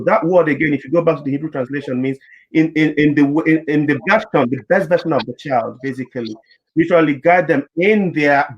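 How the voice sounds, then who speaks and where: A man's voice: fairly high pitch, fairly quick, slightly rough, lo-fi sound. A man speaking as a panelist and therapist in a panel discussion, earnest and explanatory, often repeating words as he builds his point.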